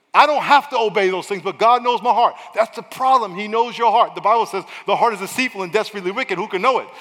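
Bright-voiced pastor preaching in an echoing hall. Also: male voice, sits high. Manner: energetic preaching, swinging from loud shouts to quiet asides. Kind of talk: sermon. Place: large church hall. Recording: long echo of a large hall.

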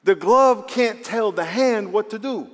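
A male preacher giving a sermon, animated and acting out quoted voices. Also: high voice, measured pace. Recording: long reverb of a hall.

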